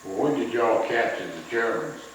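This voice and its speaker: A man's voice: lowish voice, normal speed. A man interviews a veteran, prompting with short questions. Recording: echoey room, distant mic, faint noise.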